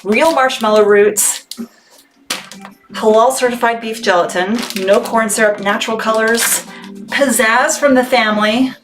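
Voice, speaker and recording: A woman's voice: fairly high pitch, a little slow, over music. Bubbly woman hosting a live sales stream. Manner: chatty, bubbly, laughs often. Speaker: small business owner selling on a livestream. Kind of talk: casual live sales chat. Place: home workspace packing orders. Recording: background noise with clicks.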